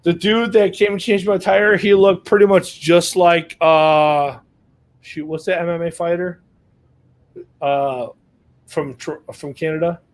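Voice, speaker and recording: A man's voice: fairly high pitch, fairly even intonation, measured pace. A man telling a long, rambling story in casual podcast chat, full of fillers and swearing. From United States. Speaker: podcast co-host.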